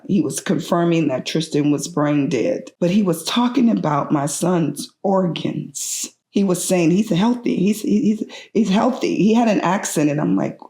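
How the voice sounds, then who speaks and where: A woman's voice: deep voice, darkish tone, echoey room. Grieving middle-aged mother telling her story. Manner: earnest, halting with grief, voice breaking at times. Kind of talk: emotional personal testimony.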